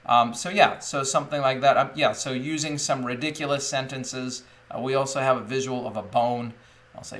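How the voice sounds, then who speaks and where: A man's voice: medium pitch, steady tone, moderate pace, fairly bright tone. A man in his thirties, an English teacher talking casually about classroom methods, rambling and joking, with many fillers and restarts. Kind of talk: casual teaching talk to camera.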